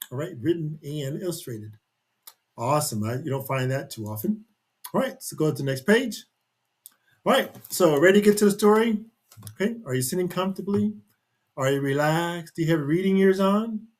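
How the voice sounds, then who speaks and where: A man with a husky, slightly raised voice reads a picture book aloud to young children. He keeps it chatty, pausing to talk about the pictures and ask his listeners questions. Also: a little high.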